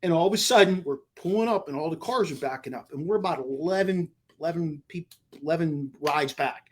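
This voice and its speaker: A man's voice: on the high side, brisk. A man co-hosting a podcast, telling a travel story in casual chat and acting out the conversations he quotes. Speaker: podcast co-host.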